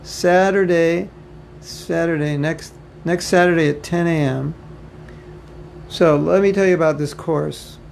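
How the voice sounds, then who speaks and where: A U.S. man teaches an informal spiritual class to devotees at a measured pace, his slightly high voice creaky, darkish and fairly even in intonation. He jokes in asides and repeats himself often in a conversational way. Faint home or temple room ambience and a little hiss or hum come through the rough recording.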